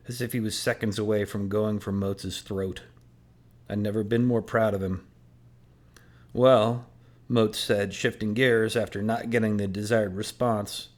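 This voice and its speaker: A man reading a novel aloud in first person, measured and earnest. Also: fairly low pitch. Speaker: audiobook narrator.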